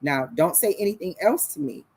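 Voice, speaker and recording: A woman playing a caring friend who gives advice in a hushed, confidential, gentle way. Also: on the low side, animated, fairly quick, breathy edge. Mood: discreet. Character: caring friend giving quiet, discreet advice.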